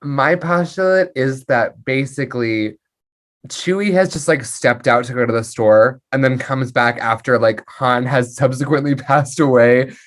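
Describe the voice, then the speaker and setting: A man's voice: mid-range voice, unhurried, fairly bright tone. A man co-hosting a podcast in casual chat, playfully spinning joking theories. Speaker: podcast co-host.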